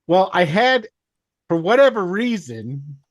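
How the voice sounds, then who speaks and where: A man's voice: high voice, very animated, takes it slowly, no echo, clean studio sound. A man in a casual chat telling a game master story, rambling and self-deprecating, laughing along the way. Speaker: dungeon master.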